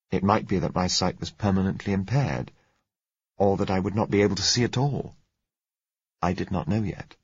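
Low husky male narrator. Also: dry recording. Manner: measured, dramatic storytelling with shifts in emphasis. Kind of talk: scripted first-person audiobook narration. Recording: dry, slightly dull recording.

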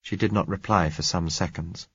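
A man narrating a novel in the first person, measured and reflective. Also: deep voice, steady tone, a bit bright, husky, no room sound, highs cut off.

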